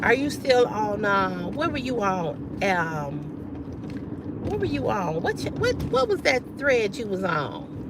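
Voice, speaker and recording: A woman's voice: medium pitch, very animated, slow, very noisy. A woman hosting a casual livestream, talking bluntly and with profanity straight to her viewers in a style. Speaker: livestream host.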